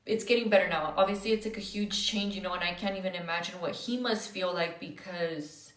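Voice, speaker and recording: A woman's voice: lowish voice, fairly quick, fairly bright tone, far from the mic. A young woman livestreaming with viewers, talking candidly and close to tears, blunt and profane, with Spanish words mixed into her speech and lots of fillers. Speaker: livestreamer answering viewer comments. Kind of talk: candid emotional livestream chat. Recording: roomy sound, away from the mic.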